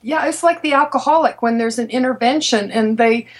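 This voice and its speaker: A woman guest telling a personal story in conversation, halting and restarting her sentences, laughing now and then. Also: a little high, poor audio. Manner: halting, with many restarts and repeated words. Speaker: interview guest.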